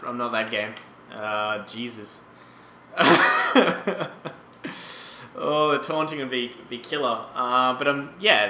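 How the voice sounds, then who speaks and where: Bright-voiced young man in an echoey room. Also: medium pitch, slight background noise. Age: 20s. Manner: rambling, exclamatory reactions. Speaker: gaming YouTuber. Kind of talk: casual gameplay commentary.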